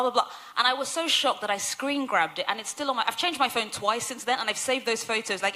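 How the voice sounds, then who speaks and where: A woman's voice: on the high side, moderate pace, hardly any pauses, bright, forceful tone. A woman on a symposium panel, telling stories in a chatty way, correcting herself and laughing often. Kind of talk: conversational panel discussion.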